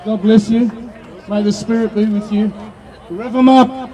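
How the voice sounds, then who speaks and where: A very high-pitched Australian man gives a fiery open-air protest speech, his voice climbing into shouts as he rallies the people in front of him. A faint murmur of crowd sits behind him outdoors. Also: steady tone, a little slow, low-quality recording. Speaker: rally speaker.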